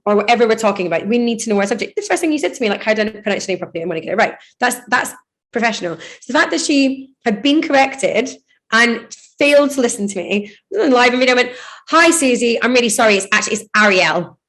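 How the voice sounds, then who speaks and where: A woman's voice: fairly high pitch, animated, fast, a bit bright. A woman with a British accent, a DJ and radio host, telling chatty stories in a casual interview. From United Kingdom. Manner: chatty anecdotal storytelling.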